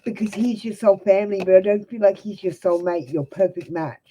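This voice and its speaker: A woman's voice: mid-range voice, fairly quick, warm tone, low-quality recording. An Australian woman giving blunt, direct tarot readings to viewers on a live stream. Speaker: tarot reader.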